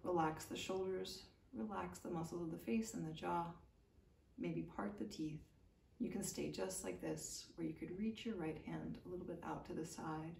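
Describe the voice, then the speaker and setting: A young woman leads a yoga class at an even, middle pitch, guiding each breath and stretch in a calm, soothing voice. She is recorded from a little way off the mic, and the room gives her voice a clear echo. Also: moderate pace, a little hiss or hum. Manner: calm, gentle, soothing guidance with light laughs. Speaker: yoga teacher. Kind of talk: guided yoga instruction. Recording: echoey room, mic at a distance.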